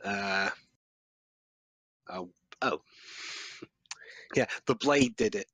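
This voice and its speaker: A man's voice: lowish voice, extremely slow, a bit bright, no echo. A man joking and laughing through a casual movie commentary with friends. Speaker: commentary group member.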